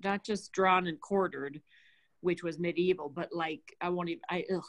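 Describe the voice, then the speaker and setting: A woman's voice: lowish voice, normal speed. A woman guest in a healing session, speaking hesitantly and repeating phrases after the host. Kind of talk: emotional personal sharing.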